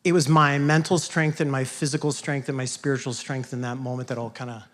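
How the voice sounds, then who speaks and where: A man at a live workshop telling a personal story on stage, talking earnestly in a halting way with many restarts. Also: mid-range voice, flat delivery. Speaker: workshop participant. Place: event hall with audience.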